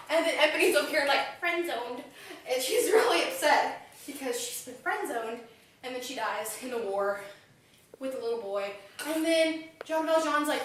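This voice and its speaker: Chatty high-voiced woman, echoey phone recording. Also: normal speed, slight background noise. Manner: animated, acts out the characters' lines. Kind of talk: casual plot recap. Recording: echoey room, far from phone mic.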